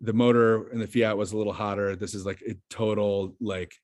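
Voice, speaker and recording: A man's voice: lowish voice, steady tone, a little fast, darkish tone. A man as a podcast guest, telling a story in casual chat, rambling with lots of fillers and restarts.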